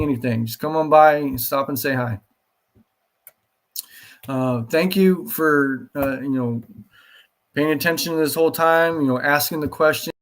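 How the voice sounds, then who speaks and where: A man talking as a real estate agent on a live show, pausing often with fillers. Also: on the high side. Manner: hesitant, many fillers. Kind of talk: live promotional talk.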